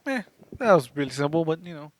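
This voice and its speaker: Bright, lively playful man co-host. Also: fairly high pitch, dry recording. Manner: playful, teasing, quick laughs. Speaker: podcast co-host. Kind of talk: casual podcast banter.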